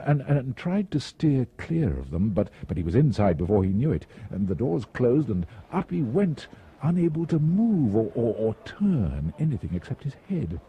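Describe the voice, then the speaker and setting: A man's voice: medium pitch, slightly rough. A man reading a travel story aloud in a wry manner, with frequent small restarts, on a dull lo-fi recording.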